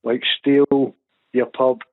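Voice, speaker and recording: Flat-voiced caller on a phone. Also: male voice, medium pitch, takes it slowly. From Glasgow. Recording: tinny phone line.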